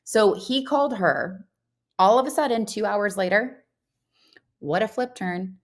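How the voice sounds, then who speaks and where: A woman's voice: medium pitch, a little slow. A woman co-hosting a podcast, telling a long story in casual chat and acting out the phone calls she quotes. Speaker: podcast co-host.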